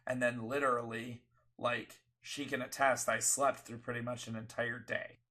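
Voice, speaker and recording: A man's voice: medium pitch, level tone, normal speed, sharp tone. A sick young man, a streamer co-hosting a casual chat, his voice worn by a cold, talking in a rambling, self-deprecating way. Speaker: streamer and podcast co-host.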